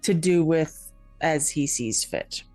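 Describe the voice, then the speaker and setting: A woman's voice: deep voice, takes it slowly, a little mellow, no echo, faint music behind. A woman speaking as a player in a tabletop role-playing game, putting her point firmly and matter-of-factly. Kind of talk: in-character tabletop role-play.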